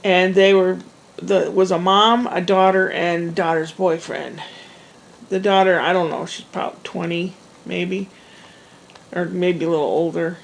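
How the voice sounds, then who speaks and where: A woman with a gravelly, fry-tinged voice talks straight to camera, telling a winding personal story. She wanders into asides and restarts her sentences in a relaxed, conversational way. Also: on the low side, measured pace, poor audio. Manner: rambling, chatty, with frequent restarts and asides. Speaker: vlogger. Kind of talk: casual storytelling monologue.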